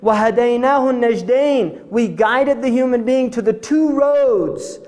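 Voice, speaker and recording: A man's voice: very high voice, very fast, a little mellow. A man lecturing on religion to an audience, explaining ideas step by step, reciting scripture passages and posing rhetorical questions in a conversational tone. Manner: explanatory, defines terms and recites scripture in between.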